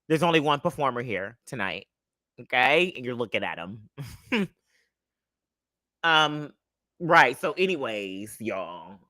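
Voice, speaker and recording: A young man hosts his own livestream, talking straight to a close mic in a dry room. His delivery is sassy and chatty, with a bright, forceful tone and a voice that leaps all over its range. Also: medium pitch, slow, long pauses, no echo. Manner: animated, sassy, chatty, greets viewers. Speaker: livestream host. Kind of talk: casual livestream storytelling.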